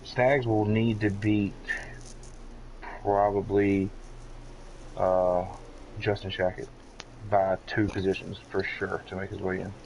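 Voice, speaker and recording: Male co-commentator, lowish voice, matter-of-fact about the standings, muffled line with hiss. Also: little pitch movement, takes it slowly, gravelly, long pauses, a little mellow. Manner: corrects others on rules and points. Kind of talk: sim racing commentary. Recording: dull lo-fi mic with faint hiss.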